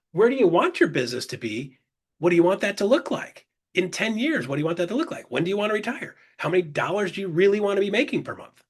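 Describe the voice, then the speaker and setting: A man's voice: high-pitched, husky. A man leading a casual online coaching session, jokey and upbeat, who keeps checking in with the listeners and acts out little sales dialogues. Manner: jokey and upbeat, peppers points with "right?" and "guys"; acts out buyer and seller dialogue in quick back-and-forth. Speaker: webinar presenter and business coach.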